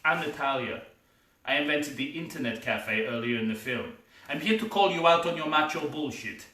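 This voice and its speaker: Blunt scolding young woman, man voicing her, bright tone, distant roomy mic. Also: a little high, animated, moderate pace, pitched below the performer's own voice. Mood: scornful. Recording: echoey room, distant mic.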